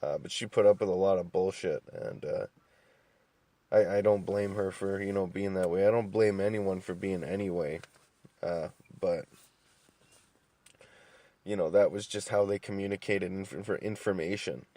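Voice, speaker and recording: A young man tells stories in a relaxed, unhurried monologue, full of casual swearing and false starts. His voice sits a little low. The sound is dry, with no room echo. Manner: calm, laid-back storytelling with frequent swearing and restarts. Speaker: podcast host.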